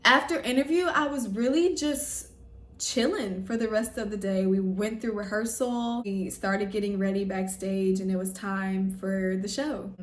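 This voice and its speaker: A woman's voice: mid-range voice, reverberant, recorded from a distance. A young woman telling a personal story to camera in an emotional, effusive way, full of "like". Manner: emotional, effusive, heavy use of "like". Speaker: vlogger.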